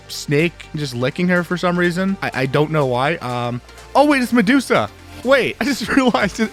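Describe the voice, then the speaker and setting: Casual young man over faint music. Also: a little high. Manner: casual, lots of fillers like "like" and "dude". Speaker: gaming YouTuber. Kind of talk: casual commentary reviewing game skins.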